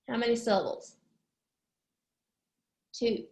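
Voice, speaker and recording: A woman teaching young children a lesson, slowly stretching words out syllable by syllable. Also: fairly high pitch, lively intonation, echoey room, heavy background noise. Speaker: preschool teacher.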